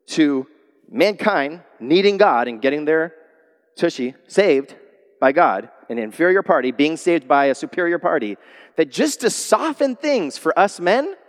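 Animated preacher man in a big echoing hall. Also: a little high. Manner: animated preaching, acting out quoted voices. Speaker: pastor. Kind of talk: sermon. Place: church sanctuary. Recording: long reverb of a large hall.

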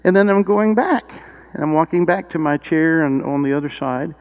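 A man preaching a sermon, telling a personal story with rising emotion and excited exclamations. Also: on the high side, normal speed, dull audio. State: tearful at times.

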